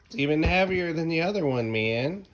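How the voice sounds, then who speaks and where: A dad putting on the voice of a relaxed little boy who talks like a chilled-out grown man. The drawl stays low, slow and deadpan, and the pitch rises and falls across a wide span. It is caught outdoors on a home patio. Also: background noise, lightly acted. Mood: mellow. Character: laid-back toddler boy talking like a dude.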